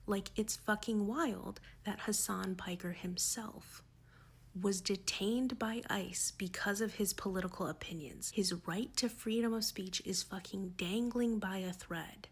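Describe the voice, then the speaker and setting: A woman's voice: mid-range voice, breathy edge. A woman delivering an angry, profane, sarcastic political rant straight to her viewers. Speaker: political commentator. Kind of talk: ranting commentary to camera.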